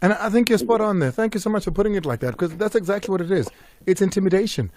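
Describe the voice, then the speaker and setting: A man hosting a sports talk radio show, measured and engaged with callers. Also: high-pitched, animated, darkish tone, no echo, clean studio sound. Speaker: radio host.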